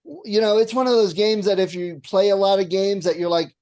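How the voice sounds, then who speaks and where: A man co-hosting a podcast, telling game-night stories in a lively, animated way and laughing as he goes. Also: high-pitched, a little fast. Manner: animated storyteller, acts out lines with laughs. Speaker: podcast co-host. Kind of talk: casual chat.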